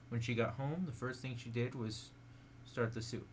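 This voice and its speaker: A man's voice: mid-range voice, normal speed, a little hiss or hum, low-quality recording. A man reading spooky stories aloud in a casual way, stumbling and correcting himself. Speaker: reader.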